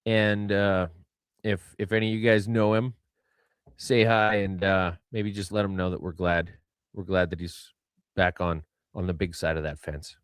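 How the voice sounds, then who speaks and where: A man's voice: low voice, fairly even intonation, moderate pace, clear, resonant tone, dry recording. Dry sarcastic man co-hosting. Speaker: podcast co-host. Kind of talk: casual news commentary.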